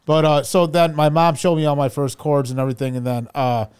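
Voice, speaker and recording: A man being interviewed as a guitarist, talking in a relaxed, easygoing way. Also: fairly high pitch, brisk, smooth, no echo, clean studio sound. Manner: relaxed, easygoing, with light swearing. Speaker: guest guitarist. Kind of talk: casual interview chat.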